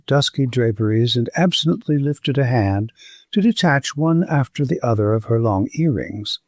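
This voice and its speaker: A man narrating a classic novel as a scripted audiobook, with expressive, varied intonation. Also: mid-range voice, dry recording, studio quality.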